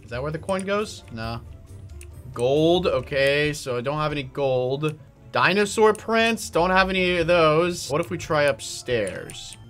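Lively, bright-voiced excitable man. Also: fairly high pitch, measured pace, faint music behind. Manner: excitable, exclaims and laughs often. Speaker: gaming video host. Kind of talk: playful gameplay commentary.

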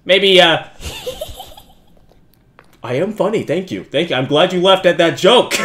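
A young man giving jokey, self-mocking let's-play commentary on a horror game, yelping and shouting at the scares. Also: high-pitched, expressive, brisk. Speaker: gaming YouTuber.

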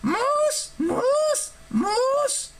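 A shrill, fluttery harpy girl who squeaks far above a normal voice. She fires off odd facts in sudden, jumpy bursts, and the voice swoops wildly from word to word. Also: sing-song, extremely slow, full character voice. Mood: gleeful. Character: twitchy female harpy blurting trivia.

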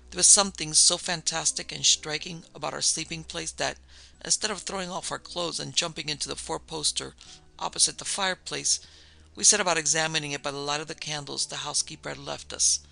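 A man reads a supernatural tale in a measured, steady way, with a heavily gravelly, fry-laden voice. His tone is very bright and cutting, sitting a little above the usual male pitch. Faint music plays behind him. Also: low-quality recording. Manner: measured, even storytelling delivery. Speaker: narrator and producer. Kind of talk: scripted narration of a ghost story.

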